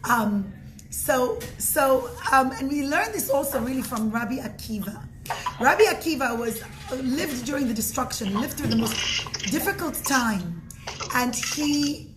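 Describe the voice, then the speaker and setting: High-voiced woman giving a religious talk. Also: noisy background. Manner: earnest storyteller, often restarts and corrects herself. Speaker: religious teacher.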